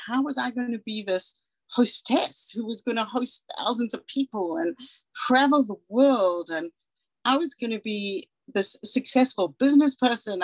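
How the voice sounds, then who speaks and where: A woman's voice: a little high, no echo, poor audio. A woman in her forties from South Africa, giving a candid, earnest personal talk as a guest speaker and acting out the dialogue she recalls.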